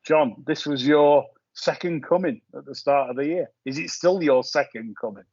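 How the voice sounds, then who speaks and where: A man hosting a casual horse racing chat, talking in quick bursts with frequent restarts. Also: on the high side, a little mellow, slightly rough, dry recording, highs cut off. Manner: chatty, hesitant restarts, laughs at own jokes. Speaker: podcast host.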